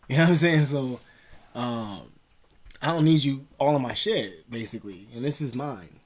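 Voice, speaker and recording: A man's voice: medium pitch, normal speed. A man vlogging casual advice, rambling in profane street slang with many fillers.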